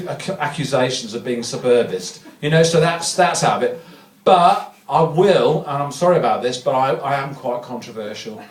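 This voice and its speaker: A man from Reading doing stand-up in a comedy club, rambling through self-deprecating digressions with a deadpan touch, recorded from a distance. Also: fairly high pitch. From Reading, England. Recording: echoey club recording from far off, audience laughter.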